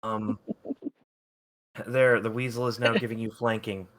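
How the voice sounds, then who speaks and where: Male player, low voice, laid-back, mumbly asides. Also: little pitch movement, measured pace, fairly bright tone, rough recording. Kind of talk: casual tabletop game chat.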